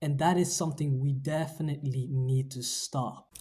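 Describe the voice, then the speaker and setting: Mellow, measured commentary voice. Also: medium pitch, fairly even intonation. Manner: measured, weighs both sides. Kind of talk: explanatory commentary.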